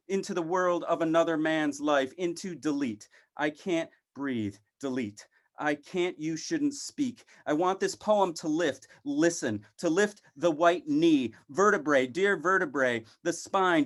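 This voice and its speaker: Man reading poetry in clipped, halting phrases. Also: a little high. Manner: repeats words like a refrain. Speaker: poet.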